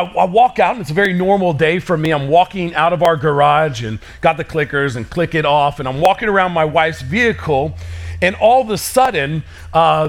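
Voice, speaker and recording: A male pastor in his thirties delivers a sermon with a slightly high voice. He tells stories in an animated way, with mock screams and quick asides.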